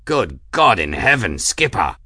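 A man's voice: fairly low pitch, very animated, measured pace, slightly rough, dry recording, clean studio sound, full character voice. A man voicing a boisterous airship pilot who roars with delight over the wind. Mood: exuberant. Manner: loud, roaring over the wind.

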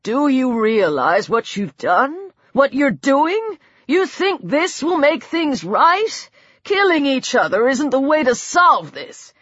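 A woman's voice: high voice, big pitch swings, slow pace, fairly bright tone, no echo, full character voice. Shocked man begging for sense, read by a woman narrator; muffled, dry recording. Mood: pleading. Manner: pleading, stricken. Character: shocked pleading man appealing to reason.

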